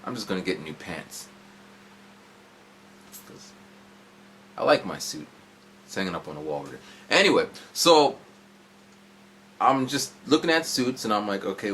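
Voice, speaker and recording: Rambling man with a low, lively voice. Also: a little hiss or hum. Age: 40s. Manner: rambling, digressive, jumps around in the story. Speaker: vlogger. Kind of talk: casual storytelling vlog. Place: at home indoors.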